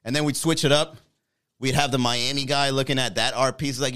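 A man's voice: medium pitch, fairly even intonation, brisk, a bit bright, clean tone. A man hosting a live comedy podcast, rambling and joking about his sketch ideas. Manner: rambling, jokey, self-mocking. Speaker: podcast host.

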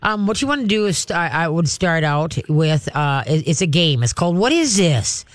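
Man, radio call-in host, high voice, dry close sound, animated advice. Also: moderate pace, no room sound. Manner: animated, acts out coaching voices, laughs often.

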